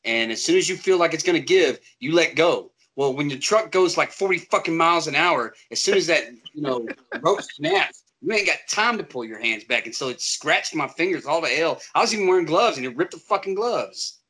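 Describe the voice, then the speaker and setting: A man telling rowdy, profane stories among friends. His voice sits high and swings widely in pitch. He rambles along with plenty of cussing. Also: fairly quick, hardly any pauses. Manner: rambling profane storytelling, animated voices in quotes. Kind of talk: casual chat.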